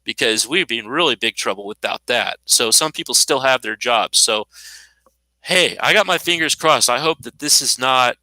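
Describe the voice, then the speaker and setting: A man's voice: medium pitch, expressive, normal speed, bright, forceful tone, dry recording, poor audio. A man in his fifties giving an unscripted, indignant monologue, sarcastic and rambling, with frequent restarts. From United States. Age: 50s. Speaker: commentator.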